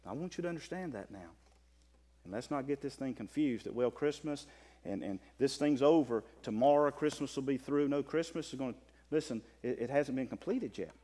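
A man preaching a sermon as pastor, swinging from impassioned near-shouting to calm scripture reading. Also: mid-range voice, a little fast. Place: church. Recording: long reverb of a church hall.

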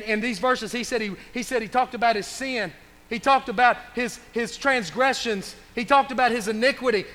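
A man's voice: extremely high pitch, sharp tone, big-room sound. A man, a pastor, preaching an emphatic sermon in a church and calling out to the congregation. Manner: emphatic preaching with call-and-response asides. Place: church sanctuary.

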